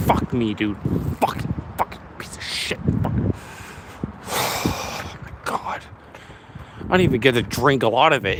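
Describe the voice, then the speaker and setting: A man's voice: mid-range voice, noisy background. A man vlogging while walking outdoors, ranting at himself in a stream of swearing. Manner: swearing, self-berating rant. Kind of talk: walking vlog monologue. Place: outdoors along city streets.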